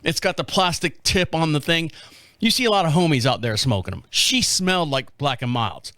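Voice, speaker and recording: A man's voice: fairly high pitch, expressive, normal speed, bright, forceful tone, dry recording, studio quality. A man in his fifties telling a rambling story in a casual monologue, acting out the other people's lines as he goes. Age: 50s. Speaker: podcast host.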